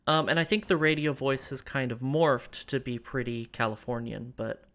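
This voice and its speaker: A woman's voice: rumbling low, normal speed, fairly bright tone. A woman from the United States streaming a strategy game and chatting casually with her viewers, rambling and full of fillers and restarts. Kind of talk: casual live-stream chat while playing a strategy game.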